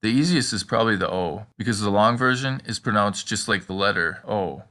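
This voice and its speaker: A man teaching in a measured instructional voice, slowly modeling example words. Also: lowish voice, bright, forceful tone. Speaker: language teacher. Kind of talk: instructional narration.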